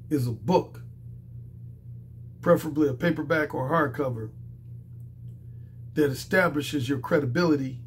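A man who is a dating coach, talking in a strained, hoarse voice from a cold, lecturing his viewers emphatically and repeating his points. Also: on the high side, a little hiss or hum. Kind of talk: monologue to camera.

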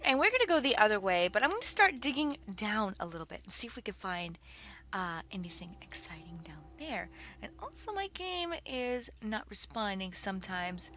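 A young woman giving excitable, gushing commentary while playing a video game, on a budget desktop mic. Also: medium pitch, normal speed. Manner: excitable, gushing, lots of exclamations and laughs. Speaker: let's play host. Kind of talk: gaming commentary. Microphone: budget desktop mic with keyboard clicks. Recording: faint background noise, keyboard clicks.

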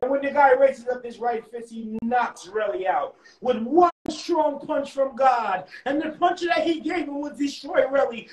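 A man's voice: very high voice, a little slow, few pauses, darkish tone, reverberant, rough recording. A man telling a comedic mock-funeral story with a theatrical, over-the-top delivery.

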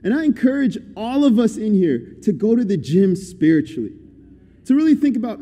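A man's voice: sits high, big pitch swings, fairly quick, mellow. A young man giving a guest sermon in a conversational, upbeat and encouraging way. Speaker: guest preacher. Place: church hall. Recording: echoey church hall.

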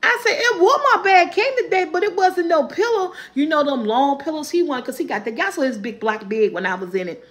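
A woman vlogger, casually telling viewers a funny story, animated and laughing often. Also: brisk, hardly any pauses. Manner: animated, laughing often, rising into high squeals when quoting.

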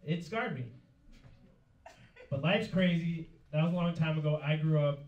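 A man's voice: fairly high pitch, normal speed, a little mellow, dull audio. A young man doing a stand-up comedy set on a club stage, telling stories in a sheepish way and acting out the other people in them. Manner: sheepish storytelling, acts out other people's lines. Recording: echoey club with noise, from a distance. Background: audience laughter.

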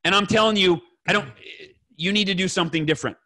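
A man telling an emotional personal story to other fathers as a podcast guest, earnest and rambling, correcting himself, clearing his throat and swearing now and then. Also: sits high, quick pace, bright, forceful tone.

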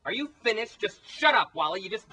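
A man's voice: high-pitched, big pitch swings, fairly quick, pushed and bright, husky, exaggerated voice, low-quality recording. A man playing a bossy, pushy female documentary filmmaker with a grating voice, in an amateur comedy spoof. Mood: snappish. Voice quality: grating, annoying voice. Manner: pushy and snappish, ordering others about.

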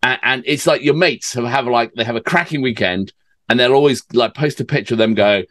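A man's voice: medium pitch, brisk, a bit bright. A man co-hosting a reaction channel, chatting and laughing along in casual banter.

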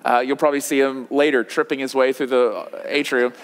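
A man's voice: medium pitch, little pitch movement, brisk. A man in his thirties, a pastor preaching a sermon in a church, talking conversationally with many fillers and restarts. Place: church auditorium. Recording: long hall reverb.

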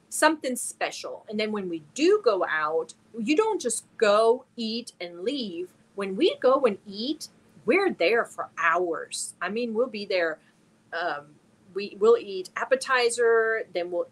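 A middle-aged woman from Germany, hosting a casual live stream and reading viewer messages aloud as she answers them. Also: medium pitch. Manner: reads chat messages aloud and answers viewers warmly one by one.

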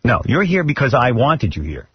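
A man leads the studio banter with dry, teasing jabs. His pitch rises and falls widely as he talks. The recording is a dull, lo-fi radio broadcast. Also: huge pitch swings, moderate pace, a little hiss or hum. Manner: teasing, wry. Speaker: radio show host.

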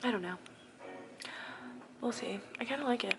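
A young woman in a casual shop-with-me vlog, chatty and excited, often dropping to a whisper, filmed on a handheld camera inside a thrift store. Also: fairly high pitch, normal speed, gravelly. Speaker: vlogger. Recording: store noise in background.

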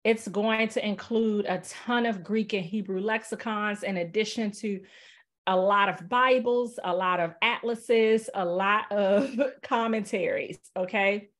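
Over a video call, a woman walks through software in a webinar, keeping it loose and conversational with frequent fillers. She speaks in a mid-range voice at an unhurried pace.

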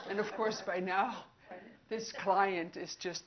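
A woman giving a lively public presentation on hearing. She asks the audience questions and acts out short scenes. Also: medium pitch, a little slow. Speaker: audiologist giving a public talk. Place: outdoor picnic gathering. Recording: dull lo-fi recording.

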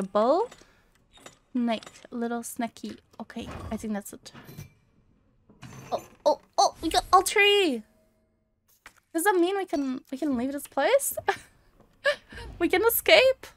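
A woman's voice: high-pitched, lively intonation, a little slow, pauses often. A young woman playing a horror game, chatting casually, reading notes aloud and getting easily spooked. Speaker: streamer. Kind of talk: casual let's play commentary.

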